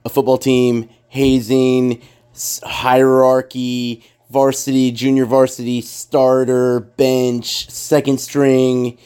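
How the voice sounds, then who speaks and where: A man's voice: mid-range voice, completely flat delivery, takes it slowly, mellow, smooth. A man in casual podcast chat, rambling and emphatic, swearing freely as he makes his points.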